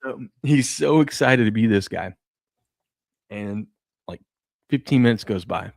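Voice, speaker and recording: Creaky, lowish, and expressive, this man talks a little slowly in a dry recording. He's in his thirties and co-hosts a sports talk show, where he casually tells family stories, laughs often, and acts out his kids' voices.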